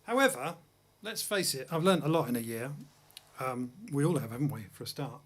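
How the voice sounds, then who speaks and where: Brief: male host from England, mid-pitched, chatty and self-deprecating, telling anecdotes between tunes in a studio. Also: lively intonation, fairly quick, a bit bright. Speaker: host and jazz pianist-singer. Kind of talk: casual chat between songs on a livestream. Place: music studio.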